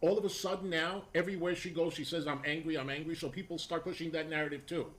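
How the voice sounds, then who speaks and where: A man's voice: fairly high pitch, steady tone, quick pace. A man in a played stream clip, complaining defensively that he is called a harasser. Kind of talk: casual stream talk.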